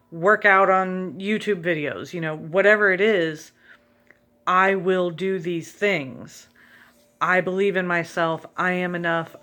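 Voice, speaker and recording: A woman's voice: fairly low pitch, pushed and bright. A woman vlogger giving an earnest, emphatic motivational monologue to encourage her viewers.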